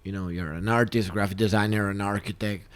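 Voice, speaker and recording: Thoughtful, measured man in casual chat. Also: fairly low pitch, fairly even intonation, a bit bright. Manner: measured, thoughtful, hesitant starts.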